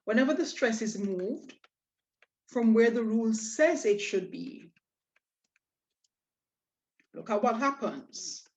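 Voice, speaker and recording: Slow, patient woman teacher. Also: fairly high pitch, expressive, a little mellow. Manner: slow, patient explanation, spelling out letters. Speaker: Spanish teacher. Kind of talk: online lesson.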